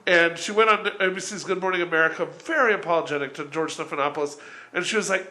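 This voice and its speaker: A man's voice: a little high, quick pace, sharp tone. A man hosting a comedy podcast, setting up a bit with lots of fillers. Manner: filler-heavy, rambling setup. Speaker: podcast host. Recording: echoey room.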